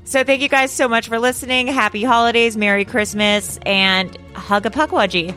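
A young woman co-hosting a podcast in casual chat, animated and quick to laugh. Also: fairly high pitch, over music. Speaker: podcast co-host.

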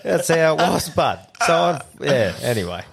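A man's voice: fairly high pitch, big pitch swings, moderate pace, creaky, background noise. Blunt, swearing Australian man telling stories. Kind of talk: casual storytelling chat.

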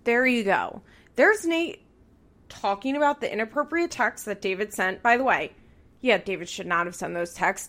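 A woman's voice: on the high side, a bit bright. A young woman hosting a podcast, recapping a show in heated, profane rants. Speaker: podcast host.

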